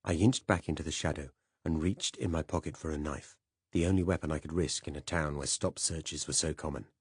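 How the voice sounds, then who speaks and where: A man narrating a first-person spy novel as an audiobook in a measured, even way. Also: rumbling low, breathy edge, no room sound, studio quality.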